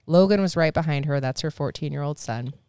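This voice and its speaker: Low-voiced woman telling a lively story. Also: a little fast, smooth, dry recording, clean studio sound. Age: adult, married. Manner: animated, swears casually, acts out quotes. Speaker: podcast guest. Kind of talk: casual storytelling chat.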